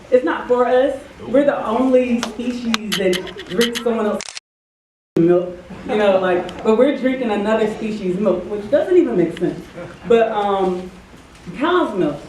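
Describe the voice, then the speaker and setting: A woman's voice: mid-range voice, darkish tone, slight background noise. A woman talking casually to an audience, chatty and full of fillers. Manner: chatty, many fillers like um and you know. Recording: echoey room from far off, crowd audible.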